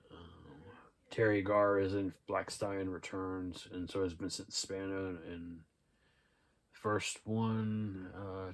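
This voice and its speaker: A young man casually going over his thrift-store movie finds, rambling with lots of fillers. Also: sits low. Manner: relaxed and rambling, with many "uh" and "um" fillers. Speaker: thrift haul vlogger. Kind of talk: casual haul video, reading out DVD titles and cast lists.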